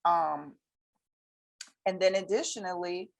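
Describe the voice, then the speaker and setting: A woman's voice: on the low side, takes it slowly, vocal fry. A woman, chatting casually as a guest and acting out conversations as she tells them. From North Carolina, USA. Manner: animated storyteller, acts out both sides of conversations. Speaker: guest, accounting firm owner. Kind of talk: casual chat.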